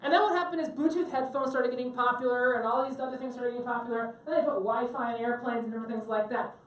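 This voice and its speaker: A woman's voice: on the high side, steady tone, quick pace. A woman teaching a tech class to a live audience on a cruise ship, chatty and joking and asking the room questions. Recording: very echoey room, mic at a distance.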